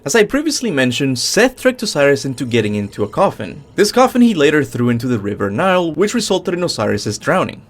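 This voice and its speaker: A man's voice: fast, hardly any pauses. A man hosting a gaming channel, reading a scripted top-ten commentary with upbeat emphasis. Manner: lively, swooping pitch with upbeat emphasis.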